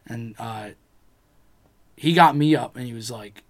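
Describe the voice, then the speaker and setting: A man's voice: medium pitch, fairly even intonation, moderate pace. A young man in casual chat, telling a personal story with lots of swearing and acted-out quotes.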